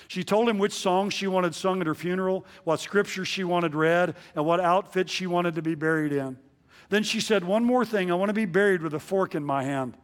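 Earnest higher-voiced male pastor preaching. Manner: earnest, measured preaching with slow emphatic repetitions. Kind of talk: sermon.

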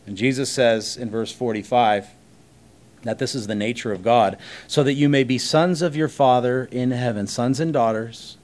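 Male pastor, mid-pitched voice, conversational sermon, rhetorical questions, deliberate pauses. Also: darkish tone.

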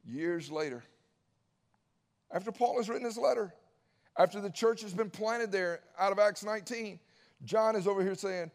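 A man preaching in a lively, conversational way, his voice sitting a little high and ringing out with a long hall reverb. He drops in folksy asides as he teaches. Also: moderate pace, pauses often. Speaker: pastor. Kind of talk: sermon.

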